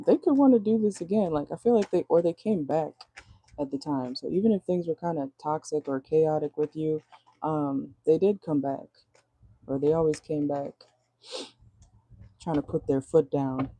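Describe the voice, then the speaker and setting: A woman's voice: low voice, warm tone. A woman giving a casual tarot reading from her car, chatty and blunt, laughing often and swearing freely. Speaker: tarot reader.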